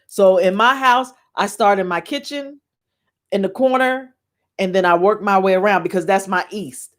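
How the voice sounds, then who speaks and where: A woman talks straight to her listeners from home, chatty and excited. She often breaks into laughter and calls them "y'all." She sits at a middling pitch for a woman and teaches as she goes. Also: normal speed. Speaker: spiritual podcast host. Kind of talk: casual chat, reading aloud and teaching. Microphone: camera in her home.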